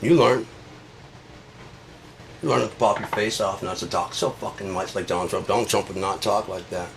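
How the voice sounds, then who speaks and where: A man's voice: fairly low pitch, fairly even intonation, moderate pace, gravelly, a little hiss or hum. A man delivering a sarcastic, profane comedic rant.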